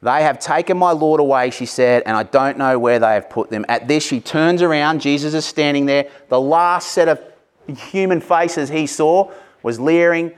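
A man's voice: fairly high pitch, normal speed, smooth. A man preaching an Easter sermon in a church, passionate and conversational, breaking off into casual asides. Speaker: pastor.

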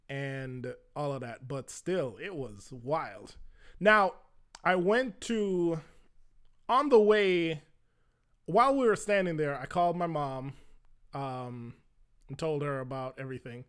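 A man's voice: fairly high pitch, expressive, measured pace, long pauses, a bit bright, clear, resonant tone. Casual young man telling a story. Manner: conversational, lots of "like" fillers, acts out quoted voices.

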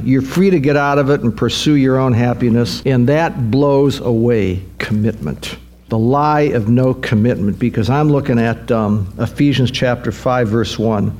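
A man's voice: medium pitch, darkish tone. A male pastor preaching a sermon, emphatic and repetitive, building to fervent peaks.

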